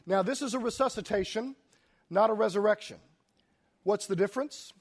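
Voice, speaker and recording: A man preaching a sermon, reading scripture aloud and explaining it, swinging between hushed and loud delivery. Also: sits high, normal speed, husky.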